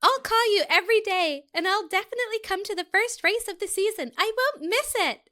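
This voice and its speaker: A woman's voice: extremely high pitch, animated, a little fast, pushed and bright, pitched above the performer's own voice, full character voice. A woman voicing a playful, teasing young girlfriend while reading from a story.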